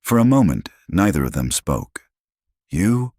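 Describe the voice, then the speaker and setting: A man narrating a scripted drama story in a measured, dramatic way. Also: extremely low pitch, lively intonation, a little mellow, no echo, studio quality.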